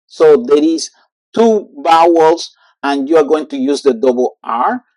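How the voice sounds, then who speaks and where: Slow, halting teacher. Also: medium pitch, animated, darkish tone, no echo. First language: Spanish. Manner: halting, with many fillers, repeats words slowly for drilling. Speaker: Spanish teacher. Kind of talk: online language lesson.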